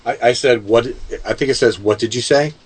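A man, a paranormal investigator, telling a story in casual group chat with halting, rambling phrasing. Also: mid-range voice.

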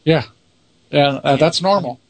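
A man's voice: on the high side, measured pace, noisy background. A man who leads a paranormal investigation team answers interview questions in a matter-of-fact, self-assured way.

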